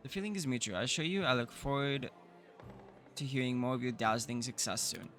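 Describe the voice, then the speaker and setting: A man reading out the lines of a smooth-talking male guild merchant in a fantasy game. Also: mid-range voice, a little fast, fairly bright tone, soft background music, lightly acted. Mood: businesslike. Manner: businesslike, ingratiating. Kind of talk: reading game dialogue aloud.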